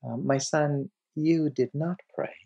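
A man quoting a gentle, loving mystic teacher who patiently corrects a student, in a soft voice. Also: mid-range voice, animated, slow pace, creaky, highs cut off, full character voice. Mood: gently correcting.

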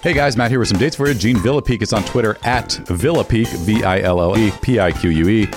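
A man's voice: fairly low pitch, fast, over music. A man co-hosting a podcast, reading casual show plugs, chuckling and correcting himself as he goes. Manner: loose, chuckling, self-correcting. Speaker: podcast co-host. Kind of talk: casual plug segment chat.

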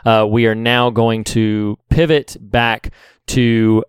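A man co-hosting a podcast in casual chat, measured and pausing often with "uh". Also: mid-range voice, flat delivery, smooth, dry recording. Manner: measured, with many "uh" pauses. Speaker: podcast co-host.

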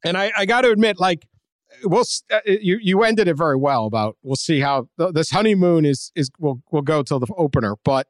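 A man's voice: fairly high pitch, animated, fairly quick, no echo, studio quality. A man hosting a casual sports podcast, conversational with wry jokes and trailing fillers. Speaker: podcast host.

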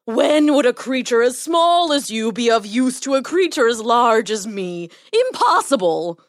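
A woman doing a big, sleepy male lion from a children's storybook, drawling with lazy, lordly amusement. The voice is a warped, lowered version of her own, slow and heavy on every word. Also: very animated, no room sound, clean studio sound. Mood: amused.

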